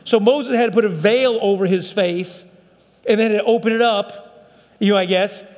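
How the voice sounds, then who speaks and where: A man's voice: sits high, moderate pace, a little mellow, long reverb tail. A man preaching a sermon as pastor, in a folksy, conversational way with frequent restarts.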